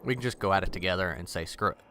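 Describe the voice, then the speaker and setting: A man's voice: sits low, racing, crowd noise. A man rambling casually in a vlog, blunt and swearing freely. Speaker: vlogger.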